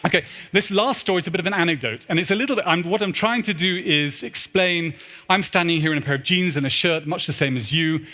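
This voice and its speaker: A man in his forties giving a humorous storytelling talk in a large church, animated and acting out the dialogue. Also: on the high side, fast talker. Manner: animated, acts out dialogue in put-on voices. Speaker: keynote speaker.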